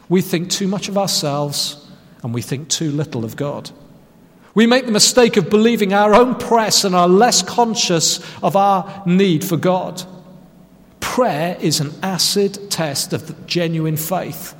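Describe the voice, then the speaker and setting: A man's voice: fairly high pitch, big-room sound. A man preaching a sermon, telling a self-mocking story and stressing key phrases. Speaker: pastor.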